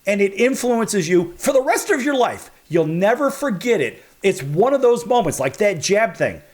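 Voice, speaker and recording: A man from the Chicago area hosting a broadcast talk show, telling a story in an animated, chatty way. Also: high-pitched, moderate pace.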